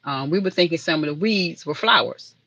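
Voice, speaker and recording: A woman's voice: low voice, animated, fairly quick, pushed and bright, no room sound, lo-fi sound. A woman hosting a casual live stream, chatting and rambling to viewers in the chat. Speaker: livestream host.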